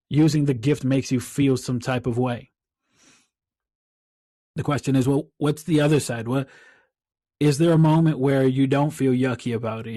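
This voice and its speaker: A man's voice: medium pitch, dark tone, dry recording, clean studio sound. A man hosting his own coaching podcast, talking in an earnest, heartfelt way and often repeating words as he thinks. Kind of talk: reflective solo podcast talk.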